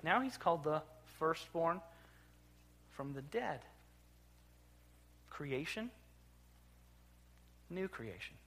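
A man preaching a sermon as pastor, emphatic, dropping low and then rising loud. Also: breathy edge. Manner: emphatic, swings from quiet to loud. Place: church sanctuary.

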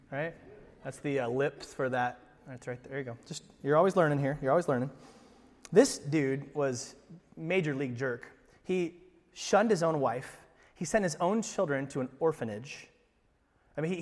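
A man preaching in a fairly high voice, his words trailing into the long reverb of a church hall. He is emphatic, swings from hushed lines to loud ones, and asks his congregation rhetorical questions. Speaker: pastor. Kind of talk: sermon.

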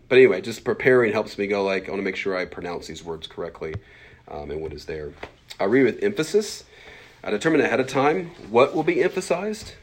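A man in his mid-forties with a very low voice, teaching a Bible class. He talks quickly and loosely, with plenty of fillers, and keeps breaking into little acted-out voices to make his points. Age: 40s. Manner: fast-talking, animated, lots of fillers and acted-out asides.

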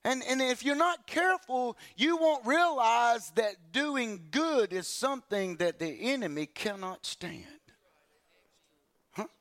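A male preacher with a high voice, telling a story from his own life in a sermon at church. His pitch swings widely as he acts out the other people's lines and repeats words while building up his points. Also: lively intonation, takes it slowly, a bit bright.

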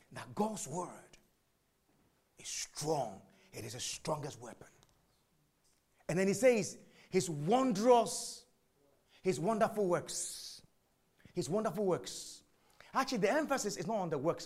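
A man preaching a sermon, asking and answering his own questions, jumping from shouts to whispers. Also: fairly high pitch, moderate pace, long pauses, slightly rough. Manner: animated, swings from shouts to whispers.

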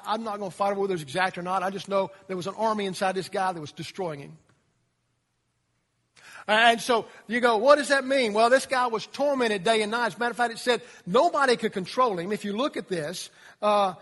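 High, husky-voiced male preacher. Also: in a large hall. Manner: storytelling, dramatic, drops to quiet emphasis. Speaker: pastor. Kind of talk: sermon.

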